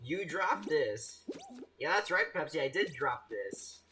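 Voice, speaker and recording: A man's voice: a little high, big pitch swings, takes it slowly, sharp tone, slight background noise. A young man streaming a game live, chatting casually and teasing his viewers. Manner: playful, teasing, restarts often, laughs at chat.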